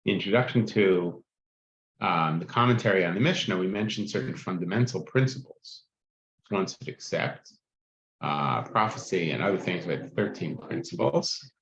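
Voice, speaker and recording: A man's voice: deep voice, lively intonation, normal speed, a little hiss or hum. A man teaching a text-study class, reading passages aloud and explaining them in a chatty way, checking in with "right?" as he goes. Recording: muffled, echoey room.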